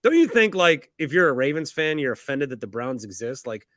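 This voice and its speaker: A man hosting a casual sports-picks podcast, making deadpan, wisecracking jokes. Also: mid-range voice, a little fast, hardly any pauses, no echo, studio quality. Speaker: podcast host.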